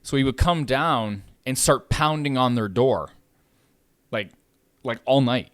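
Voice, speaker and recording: A man talking casually on a podcast, spinning an animated story about a bad tenant. His voice sits in a middle range and he swears freely, building up steam as he goes. The sound is dry and close, with no room around it. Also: medium pitch, unhurried, no room sound. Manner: animated storytelling, swears freely, gets louder when riled. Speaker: podcast host, landlord.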